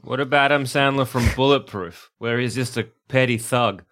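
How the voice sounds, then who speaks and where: A man co-hosting a comedy podcast, dropping dry, deadpan questions into the banter. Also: mid-range voice, normal speed. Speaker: podcast co-host.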